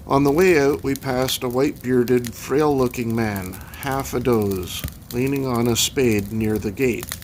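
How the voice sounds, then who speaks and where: A man reading a horror novel aloud in a measured, reflective narration. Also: mid-range voice, darkish tone, a little hiss or hum. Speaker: audiobook reader.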